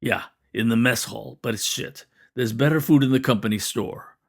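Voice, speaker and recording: Man doing a grunting, gruff worker. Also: normal speed. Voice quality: grunting, rumbling. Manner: curt, short sentences. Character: gruff male cannery worker, blunt and teasing.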